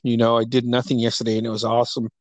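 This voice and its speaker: A man's voice: medium pitch, monotone, racing, dry recording. A middle-aged father chatting on a phone call, rambling through a story, acting out quotes and laughing often. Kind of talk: casual phone chat.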